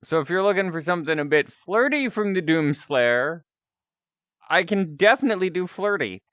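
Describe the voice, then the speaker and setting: A man chatting casually with his stream audience while taking requests, talkative and quick to laugh at himself. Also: sits high, expressive, fairly bright tone, no room sound, studio quality. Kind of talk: casual chat.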